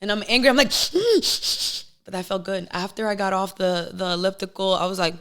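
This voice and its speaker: A young woman guest in a casual podcast chat, telling candid, emotional stories in an animated way. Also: medium pitch, fast, clear, resonant tone.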